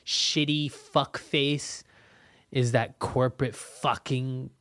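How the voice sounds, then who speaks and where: A man's voice: medium pitch, fairly even intonation, takes it slowly, fairly bright tone, dry recording. Young male podcast host, rambling, profane, casual solo monologue, dry close sound. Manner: rambling and profane, frequent fillers; frustrated venting. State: cold and soaked.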